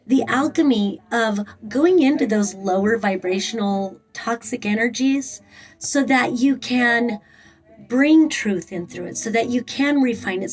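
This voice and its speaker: A woman's voice: fairly high pitch, low-quality recording. A woman giving a casual tarot reading in a rambling way, with frequent fillers and blunt swearing. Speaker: tarot reader.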